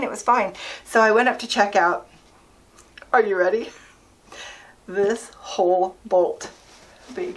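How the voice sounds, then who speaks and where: A woman's voice: fairly high pitch, fairly bright tone. A middle-aged woman vlogging in a casual, chatty and enthusiastic way, laughing often. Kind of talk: casual chat.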